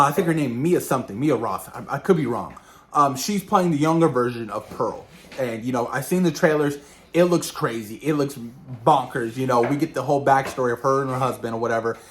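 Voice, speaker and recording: A man casually reviewing a film in a rambling, animated way, often repeating words and acting out lines. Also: medium pitch, a little fast, slight background noise. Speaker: movie reviewer.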